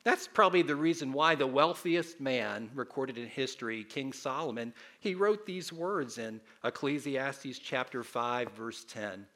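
A man in his fifties preaching a sermon as pastor, animated and leading the congregation in call-and-response. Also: mid-range voice, unhurried, hardly any pauses.

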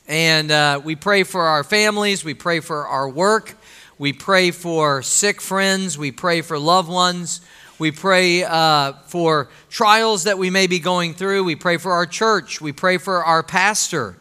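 In a church sanctuary, a male pastor with a high-pitched, bright, forceful voice preaches slowly, his clean tone carrying a big-room sound. He keeps the sermon conversational and puts questions to the congregation.

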